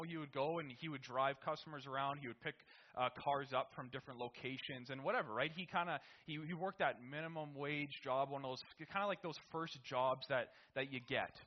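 A young man telling a family anecdote casually, rambling with restarts and tag questions, on a dull lo-fi recording. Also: medium pitch. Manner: rambling with many restarts and "right?". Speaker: storyteller.

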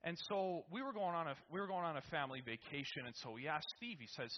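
A man's voice: on the high side, fast talker, few pauses. A young man telling a family anecdote casually, rambling with restarts and tag questions, on a dull lo-fi recording. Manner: rambling with many restarts and "right?". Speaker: storyteller.

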